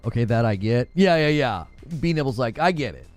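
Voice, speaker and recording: Guy streaming games, chatty, lively up and down voice, music faint behind. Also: medium pitch, brisk. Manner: chatty, talks to chat viewers, animated. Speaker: gaming streamer. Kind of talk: casual live-stream chat.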